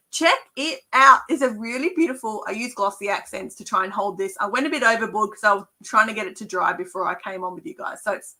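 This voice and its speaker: A woman's voice: fairly high pitch, pushed and bright, low-quality recording. A woman who runs a craft shop, chatting casually and gushing over new papercraft stock during a live product show. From Australia. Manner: gushing, enthusiastic.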